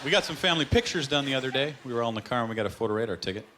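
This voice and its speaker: Expressive and very fast at a medium pitch, a man delivers a stand-up set, telling stories with punchlines and voicing the characters he quotes. The live club recording has heavy background noise, with loud audience laughter and applause.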